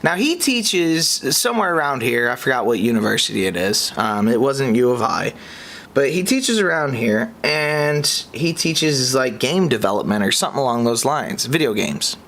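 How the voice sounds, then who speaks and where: A young man from the United States hosting a podcast, reacting in an exasperated way that swings between high outbursts and low muttering. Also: big pitch swings, moderate pace, fairly bright tone. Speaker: podcast host.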